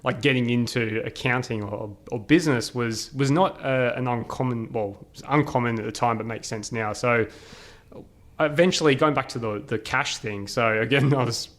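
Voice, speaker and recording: A male podcast guest with a mid-range, fairly bright voice spins casual, animated stories at a moderate pace. He laughs often and leans on plenty of filler words in this relaxed storytelling interview.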